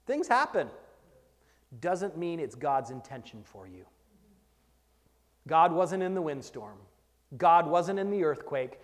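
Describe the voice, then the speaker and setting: A man preaching a sermon as pastor, moving between hushed whispers and loud shouted refrains. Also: on the high side, sing-song, takes it slowly, pauses often. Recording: long hall reverb.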